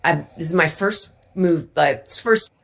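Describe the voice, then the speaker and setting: A woman telling an animated personal anecdote as a guest, acting out the moments as she goes. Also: low voice, a little slow, gravelly. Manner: vivid anecdote telling with acted-out quotes. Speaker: actress guest. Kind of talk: animated storytelling.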